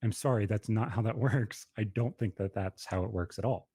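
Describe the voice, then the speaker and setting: A man's voice: fairly low pitch, normal speed, dark tone, husky, dry recording. A man in his thirties telling a personal story on a podcast in a blunt, profane, emphatic way. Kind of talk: casual podcast conversation.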